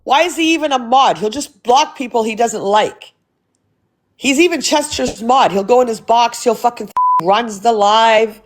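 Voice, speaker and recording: A woman speaks a bit higher than most, voice raised and combative as she rants to her livestream viewers. She swears freely and speaks straight into her phone. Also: normal speed. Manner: heated, profane, confrontational. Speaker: livestream host. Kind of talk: casual livestream rant.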